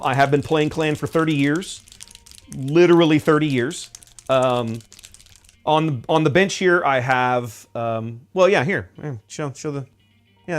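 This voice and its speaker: A man chatting casually on a stream as he paints miniatures, rambling with many fillers and restarts. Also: mid-range voice.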